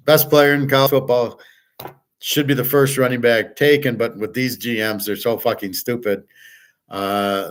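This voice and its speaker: An older man hosting a sports betting show, talking in a rambling, casual way with plenty of swearing and restarts. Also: lowish voice. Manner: rambling, profane, repeats himself.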